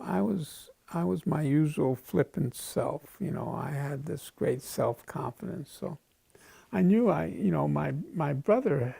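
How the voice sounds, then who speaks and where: A man's voice: a little high, creaky, dark tone, slightly rough, no room sound. A man in his eighties from the United States, telling wry, wandering stories in a casual interview. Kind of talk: casual storytelling.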